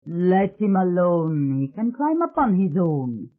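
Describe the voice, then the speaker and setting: A narrator voicing an elegant old man with a sharp French accent who gives clipped commands, in a tinny phone-like recording. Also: medium pitch, very animated, slow. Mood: commanding.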